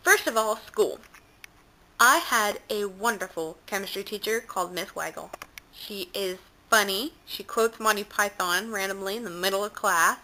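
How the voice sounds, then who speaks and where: A woman's voice: mid-range voice, sharp tone, a little hiss or hum, rough recording. A teenage girl chatting to a handheld camera held close up at home, telling giggly anecdotes. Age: late teens. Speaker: vlogger. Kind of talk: casual chat.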